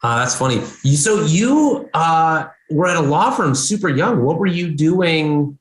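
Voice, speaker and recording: A man's voice: on the high side, animated, a little slow, slight background noise. A male podcast host asking friendly, teasing follow-up questions in casual chat. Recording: roomy echo.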